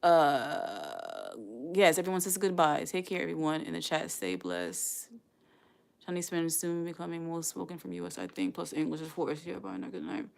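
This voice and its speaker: A woman's voice: low-pitched, huge pitch swings, moderate pace, vocal fry. A woman chatting casually with her livestream viewers, rambling and encouraging as she signs off.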